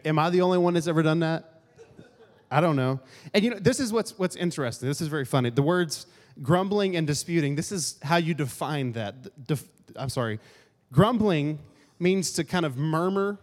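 Male pastor, casual joking sermon, slightly high voice, long hall reverb. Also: lively intonation, normal speed. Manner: joking, conversational, acts out grumbling asides.

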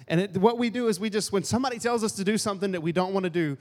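Male pastor, casual joking sermon, slightly high voice, long hall reverb. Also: racing, hardly any pauses. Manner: joking, conversational, acts out grumbling asides.

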